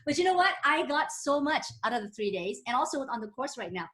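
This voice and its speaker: A woman's voice: sits high, sing-song, a little fast, fairly bright tone. A woman hosting a casual interview over a video call, speaking earnestly with some restarts. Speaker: host.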